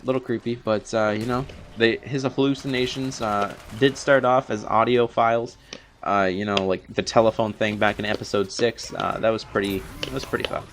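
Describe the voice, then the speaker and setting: Young guy rambling thru a tv recap, low-ish voice, tons of uhs and you knows, bit of hiss. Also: fairly even intonation, normal speed, fairly bright tone. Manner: rambling, many fillers and restarts. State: a little out of breath from long talking. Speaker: YouTube TV episode reviewer. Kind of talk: unscripted episode recap commentary.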